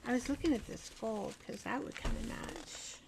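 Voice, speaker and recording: A woman's voice: on the high side, moderate pace, gravelly, noisy background. A middle-aged woman hosting an art show, chatting casually and rambling to herself as she works on a craft project. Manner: rambling, self-deprecating, talks to herself while working. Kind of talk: casual craft demonstration chat.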